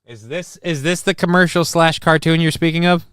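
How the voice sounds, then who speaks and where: A man's voice: fairly high pitch, fairly even intonation, moderate pace, fairly bright tone, clear, resonant tone, no room sound, studio quality. A man hosting a casual live-stream show, reacting with exclamations and reading chat comments aloud.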